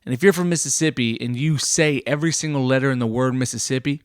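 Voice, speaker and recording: A young man doing an absurd deadpan comedy monologue, rambling with many fillers and self-corrections. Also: mid-range voice, quick pace, clear, resonant tone, dry recording, clean studio sound.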